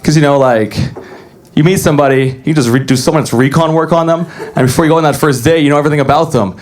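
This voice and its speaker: Young man, stand-up comic, deadpan and self-deprecating, club stage mic. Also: fairly high pitch, fast. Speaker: stand-up comedian. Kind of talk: stand-up comedy set. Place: comedy club stage with live audience.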